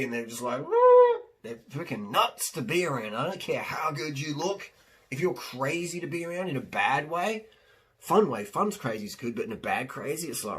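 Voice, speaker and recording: A man's voice: medium pitch, a bit bright, slightly rough. A man coaching diet and fitness in a rambling, blunt, unscripted monologue, slipping into quoted voices. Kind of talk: unscripted one-take monologue.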